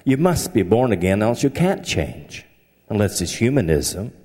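In a fairly low, very animated, slightly mellow voice at normal speed, a pastor from the American South preaches with a Southern accent. His sermon is folksy, funny, and anecdotal, and the sound rings with long hall reverb.

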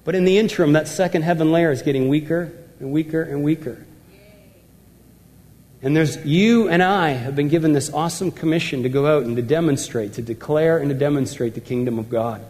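A man delivers a sermon in a notably high voice, emphatic and repeating words for effect. His voice carries a long reverb, as if filling a large church hall. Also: brisk, darkish tone. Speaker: pastor.

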